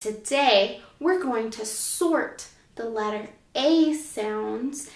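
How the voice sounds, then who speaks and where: Slow, high-voiced teacher in an echoey room. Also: female voice. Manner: slow, sing-song, encouraging. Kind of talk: children's phonics lesson. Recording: echoey room, mic at a distance.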